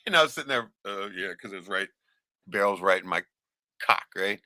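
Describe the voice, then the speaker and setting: A man's voice: lowish voice, animated, moderate pace, pauses often, pushed and bright, no room sound. A man telling stories in casual chat, bluntly and with constant swearing. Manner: swears constantly, blunt storytelling with lots of "right?".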